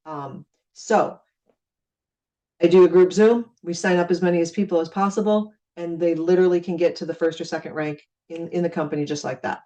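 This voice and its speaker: Speaking a little fast in a warm, low and steady voice, a middle-aged woman from Minnesota leads a chatty training session on network marketing. She acts out conversations with friendly repeated phrases, far from the microphone.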